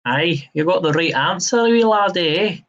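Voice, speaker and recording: A man's voice: sits high, expressive, normal speed, a bit bright, slight background noise, voice pushed up. Man faking a Scottish accent, jokey Scotsman, teasing brogue, muffled lo-fi audio. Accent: put-on Scottish. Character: jokey Scottish man calling people laddie.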